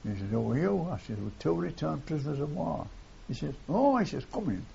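Older man telling war memories, gravelly, rambling, muffled old tape. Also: on the high side, very animated, brisk, dark tone. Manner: rambling, repeats phrases, tags lines with "see". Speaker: war veteran interviewee. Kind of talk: oral history reminiscence. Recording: dull lo-fi tape with faint hiss.

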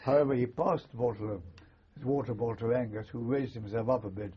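A husky older man recalls his past in an oral history interview. He speaks haltingly and understatedly, often restarting his sentences. The recording is muffled and lo-fi. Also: medium pitch. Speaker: veteran army chaplain interviewee.

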